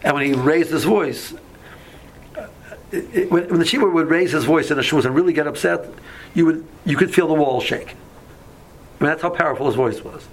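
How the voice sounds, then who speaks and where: A man's voice: fairly high pitch, normal speed, long pauses, slight background noise, low-quality recording. A man giving a casual Torah lesson, telling stories with many fillers and mixing in Hebrew and Yiddish terms. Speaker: yeshiva teacher.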